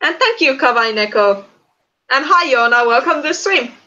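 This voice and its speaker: A woman's voice: high voice, expressive, normal speed, bright, forceful tone, muffled recording. A woman streaming live, chatting casually, greeting viewers and answering their comments. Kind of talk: casual livestream chat.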